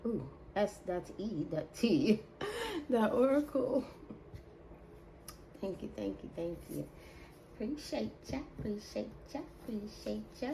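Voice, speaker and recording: A woman's voice: medium pitch, mellow, a little hiss or hum, low-quality recording. A woman giving a casual, slangy tarot reading to her viewers, repeating phrases and drawing words out. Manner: slangy, drawn-out repetitions. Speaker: tarot reader.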